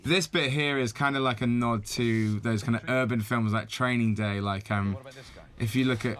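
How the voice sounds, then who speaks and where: A man's voice: medium pitch, steady tone, normal speed, fairly bright tone. A man in casual film-commentary chat, rambling with many fillers. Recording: faint music behind.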